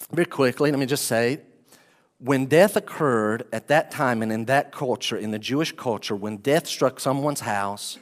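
A man preaching a sermon as pastor, animated, swinging between loud outbursts and quiet asides. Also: medium pitch.

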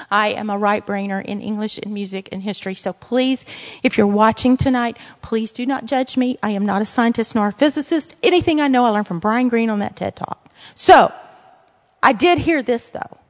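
Earnest, high-voiced Louisiana woman teaching a Bible lesson; emphatic, with asides; long hall reverb.

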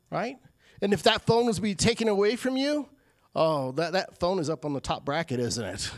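A male pastor giving a sermon in a conversational way, with quick asides and acted-out quotes. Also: sits high, no room sound.

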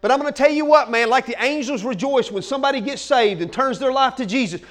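Man preaching, very high voice, excitable, breaks into shouts, folksy and animated delivery. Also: quick pace. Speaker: pastor. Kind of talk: energetic sermon.

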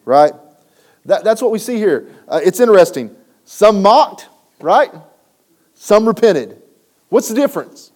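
A man's voice: sits high, big pitch swings, unhurried, long pauses, darkish tone. A man preaching a sermon, building emphasis and checking in with the congregation. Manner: preaching with rising emphasis and frequent "right?" asides. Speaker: pastor.

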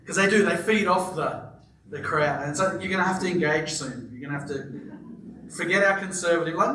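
A man's voice: fairly high pitch, a little fast, reverberant, distant mic, slight background noise, poor audio. A man preaching a sermon to a live congregation, telling stories with playful asides. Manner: animated storytelling with playful asides. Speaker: pastor. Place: church auditorium with live congregation.

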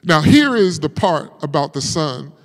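A male pastor with a high voice delivers a heartfelt sermon in a church sanctuary. He drops to hushed, intimate tones, then rises to fervent emphasis. The hall rings with a long reverb. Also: big pitch swings, a little slow. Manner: emotional storytelling, swings from hushed to loud.

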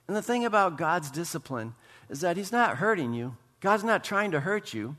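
A man's voice: on the high side, sing-song, normal speed, fairly bright tone. A man preaching a sermon as pastor, building passion with emphatic repetition. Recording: long reverb of a church hall.

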